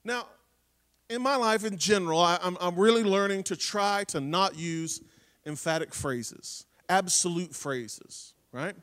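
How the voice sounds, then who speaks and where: A high-voiced man preaches with emphatic conviction, repeating phrases for force. He swings between loud proclamation and hushed intensity. His voice rings out in a hall with a long echo. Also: normal speed, smooth. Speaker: pastor. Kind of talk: sermon.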